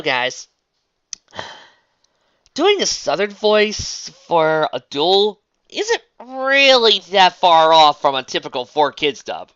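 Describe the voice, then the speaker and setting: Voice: mid-range voice, huge pitch swings, takes it slowly, a bit bright, no echo, muffled recording. A reader narrating a fan story aloud, breaking off for chatty asides to listeners.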